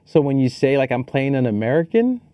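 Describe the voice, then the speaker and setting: A man's voice: medium pitch, sing-song, fairly quick, dark tone, smooth, no room sound. A man co-hosting a movie podcast, chatting casually and animatedly, joking and swearing freely. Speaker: podcast co-host. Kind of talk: casual movie review chat.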